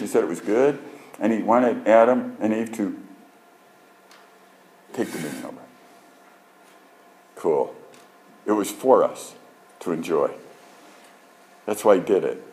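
A male preacher giving a sermon in an animated, joking, emphatic storytelling manner. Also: lowish voice, unhurried, pauses often, low-quality recording.

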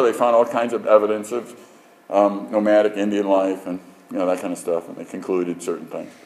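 A male preacher giving a sermon in an animated, joking, emphatic storytelling manner. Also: fairly low pitch, rough recording.

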